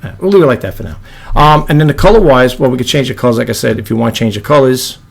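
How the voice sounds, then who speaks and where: A man with a low monotone voice, hosting a casual video editing tutorial and rambling with apologetic asides. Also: very fast, gravelly. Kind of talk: casual screen-recorded tutorial.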